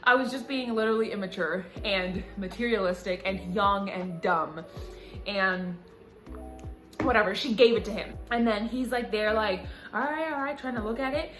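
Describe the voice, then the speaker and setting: A young woman vlogger retelling a story in an animated, dramatic way. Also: medium pitch, moderate pace. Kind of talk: storytime vlog. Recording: echoey room, music.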